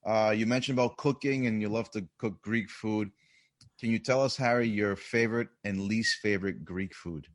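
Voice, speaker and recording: Host, somewhat low voice, friendly and structured, casual interview questions. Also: male voice, normal speed. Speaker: podcast host.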